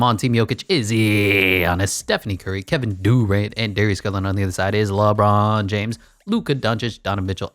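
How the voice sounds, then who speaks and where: A man's voice: on the low side, no echo, clean studio sound. A man giving casual, blunt commentary while playing a basketball management game, full of wry asides. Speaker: gaming YouTuber.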